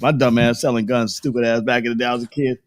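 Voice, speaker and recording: A man hosting a casual live stream, telling loud, profane stories with lots of laughter and sing-song bits. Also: medium pitch, flat delivery, fast talker, faint music behind. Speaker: host.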